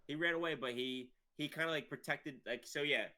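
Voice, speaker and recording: A man's voice: on the high side, a little fast, crowd noise. A man co-hosting a podcast in casual chat, recapping scenes step by step and acting out lines. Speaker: podcast co-host.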